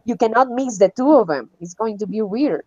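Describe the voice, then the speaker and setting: A woman's voice: a little high, expressive, brisk, warm tone, dry recording, highs cut off. A woman teaching an English class online, encouraging her students and laughing often.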